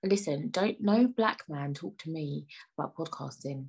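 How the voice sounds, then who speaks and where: Low and husky with a creak, her voice moves at a moderate pace with hardly any pauses. She's a young podcast host chatting casually on her own, rambling and playfully indignant, at times slipping into near-whispered asides.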